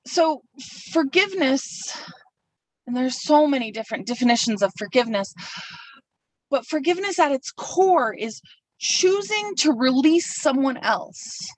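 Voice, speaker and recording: A woman's voice: sits high, expressive, a little slow, distant mic, poor audio. A woman delivering a sermon from a pulpit, reflective and personal, speaking her feelings aloud as she works through them. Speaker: minister.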